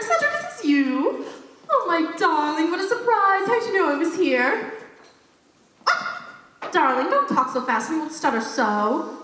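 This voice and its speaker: Teen girl doing a catty gushing stage diva, high voice, way off in an echoey school hall. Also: sharp tone, slight background noise, heavily acted. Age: teens. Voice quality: affected, theatrical, swooping pitch. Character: glamorous, gushing, catty woman stage actress. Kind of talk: stage play acting. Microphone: far audience camera. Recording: distant, echoey school auditorium.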